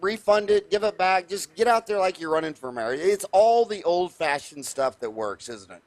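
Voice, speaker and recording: A middle-aged man hosts a conversation and tells stories in an emphatic, folksy way. His voice sits a little high for a man. He leans hard on his points and keeps the energy up. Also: lively intonation, normal speed. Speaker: podcast host, dentist. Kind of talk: animated storytelling in conversation.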